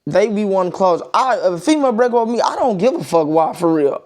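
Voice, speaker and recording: A man's voice: very high-pitched, lively intonation, fast talker, few pauses, darkish tone. Blunt, profane young-sounding man venting. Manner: blunt and profane, repeating points, emphatic. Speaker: vlogger giving opinions. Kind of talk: casual opinion monologue.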